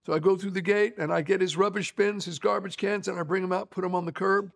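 A middle-aged pastor delivers a conversational sermon, telling anecdotes in a folksy way. His voice sits high for a man and carries a gravelly edge. He restarts his sentences often and leans on casual fillers. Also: fairly even intonation, fast talker, few pauses.

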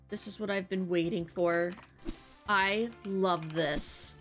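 A young woman hosting a casual let's-play, chatting excitedly and gushing as she plays. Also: on the low side, slow. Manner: bubbly, excitable, gasps and gushes often. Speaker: gaming channel host. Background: faint game music.

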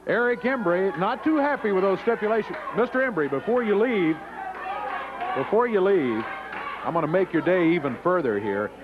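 Animated male wrestling announcer, high and lively, on noisy lo-fi 90s TV sound. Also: moderate pace, crowd noise. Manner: excitable, animated. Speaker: wrestling commentator and interviewer. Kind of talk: play-by-play commentary. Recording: lo-fi early 90s TV audio with noise.

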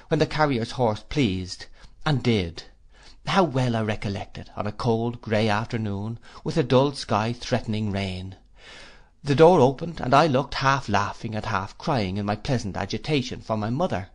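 A man narrating a classic novel for an audiobook. His reading is measured and expressive, with a voice of middling pitch for a man.

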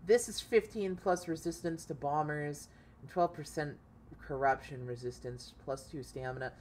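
Woman game streamer, low-pitched, loose and profane, with a faint hiss behind. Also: moderate pace. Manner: excitable, swears freely, thinks aloud. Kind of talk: casual gameplay commentary.

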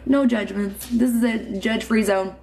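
A woman from Indiana chats into her phone on a live stream, loose, giggly and a little drunk. Her voice sits fairly high with plenty of gravelly fry. A faint hiss of room noise runs underneath. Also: steady tone, normal speed, a little mellow. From Indiana, USA. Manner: chatty, giggly, swears freely, tipsy. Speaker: livestream host. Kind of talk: casual live-stream chat reading comments. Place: home room with mounted trophies.

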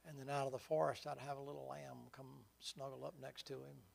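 Gravelly preacher, folksy. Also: male voice, mid-range voice, a little fast. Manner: folksy storytelling, vivid and animated. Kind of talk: sermon.

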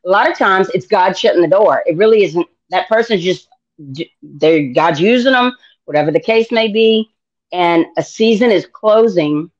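A middle-aged American woman sharing her faith testimony in an interview, animated and acting out dialogue in voices. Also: medium pitch, moderate pace, lo-fi sound. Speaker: guest.

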